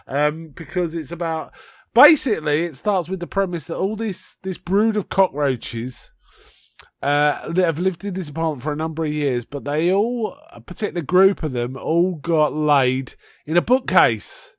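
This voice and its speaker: A podcast co-host with a fairly high, expressive male voice chats casually at a moderate pace, rambling through explanations and laughing now and then. The recording is dry and clean, studio quality.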